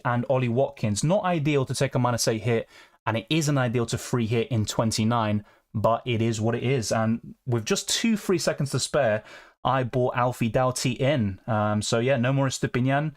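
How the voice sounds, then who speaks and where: A young man chatting casually on a live stream, answering viewer questions in a relaxed, conversational way. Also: medium pitch, moderate pace. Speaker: fantasy football streamer.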